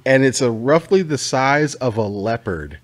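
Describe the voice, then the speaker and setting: A man's voice: mid-range voice, sing-song, unhurried. An American man hosting a casual comedy podcast, swearing freely and riffing like a pushy salesman. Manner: profane, riffing, mock-salesman energy. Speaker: podcast host.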